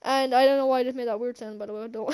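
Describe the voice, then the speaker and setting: A woman's voice: a little high, steady tone, quick pace, a little mellow, smooth. A woman casually recapping a movie for her vlog, rambling with many fillers and restarts and chuckling now and then. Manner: chuckles often while recounting scenes. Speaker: channel host, film reviewer.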